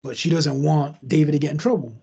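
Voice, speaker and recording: A man's voice: a little high, steady tone, fast talker, vocal fry, warm tone, slightly rough, muffled recording. A man hosting a podcast, casually retelling a true crime story in a loose, conversational way with asides. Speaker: podcast host.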